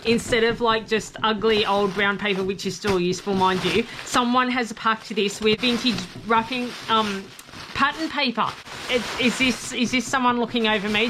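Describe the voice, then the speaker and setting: A woman's voice: on the high side, background noise. Gushing woman showing off a craft haul. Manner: gushing, excitable, gasps and coos over paper. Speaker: craft vlogger. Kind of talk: casual haul video.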